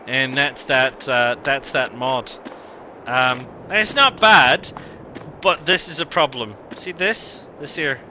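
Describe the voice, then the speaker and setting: A man's voice: medium pitch, takes it slowly, bright, forceful tone, a little hiss or hum, low-quality recording. A man giving casual, rambling gameplay commentary, with lots of ums and self-corrections. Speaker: gaming video host.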